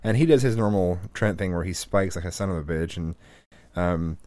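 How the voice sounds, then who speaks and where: A man's voice: sits low, moderate pace, darkish tone, dry recording. A middle-aged man co-hosting a podcast, telling stories in casual chat, cursing and laughing often. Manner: swearing, laughing storyteller. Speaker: podcast co-host.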